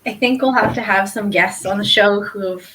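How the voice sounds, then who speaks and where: A woman's voice: mid-range voice, brisk, bright, forceful tone, slight background noise, poor audio. A woman co-hosting a podcast, chatting casually and mostly adding brief agreeing replies. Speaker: podcast co-host. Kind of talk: casual chat.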